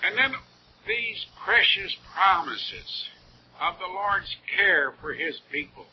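A man's voice: sits high, big pitch swings, takes it slowly. A man preaching a sermon in an earnest, heartfelt way, with rising emphasis on key words. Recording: dull lo-fi old recording with faint noise.

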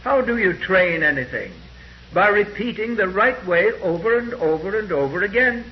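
A man preaching a sermon, quoting scripture slowly and deliberately and pausing often with "uh". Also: sits high, animated, dull audio. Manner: slow and deliberate when quoting scripture, with frequent "uh" pauses.

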